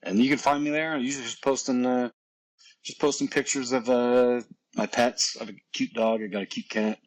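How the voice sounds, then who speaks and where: A man's voice: mid-range voice, steady tone, a little fast, poor audio. A man, a professional wrestler guest on a podcast, chatting casually in a joking, self-deprecating and rambling way.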